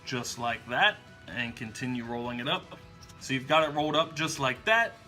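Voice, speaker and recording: A man's voice: medium pitch, moderate pace, bright, forceful tone, soft background music. A man hosting a magic tutorial, explaining each trick step by step in an upbeat way. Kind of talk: instructional demonstration.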